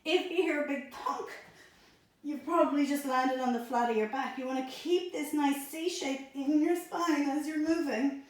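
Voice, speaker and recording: A woman instructor guiding a pilates abs workout, calmly cueing each breath and movement, a little out of breath. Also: high-pitched, moderate pace. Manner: calm, encouraging, counts breaths and cues. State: slightly out of breath. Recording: echoey room.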